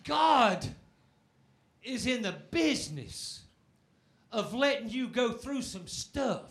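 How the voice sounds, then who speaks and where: A man preaching a sermon, moving from shouted calls for praise to quieter, quicker teaching. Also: very high-pitched, sing-song, vocal fry.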